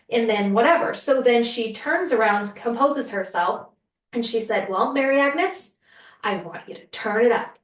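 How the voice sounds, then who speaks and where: A woman's voice: fairly high pitch, roomy sound, distant mic. A woman hosting a solo podcast, telling a story in a casual, earnest way and acting out what people said. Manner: earnest, conversational, acts out quotes. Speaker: podcast host.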